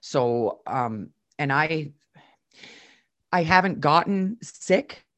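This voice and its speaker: A man, a former radio host now co-hosting a podcast, chatting casually and jokingly, with sudden loud laughing outbursts. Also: a little high, expressive, very slow. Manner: jokey, breaks into loud laughing exclamations. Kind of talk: casual chat.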